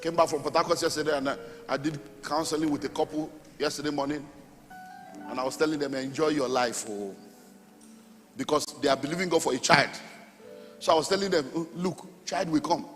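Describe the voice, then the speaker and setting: A middle-aged Nigerian man preaching a sermon as pastor, animated, with sudden shouts and sung phrases. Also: fairly high pitch, brisk. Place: church hall. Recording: long hall reverb, faint music.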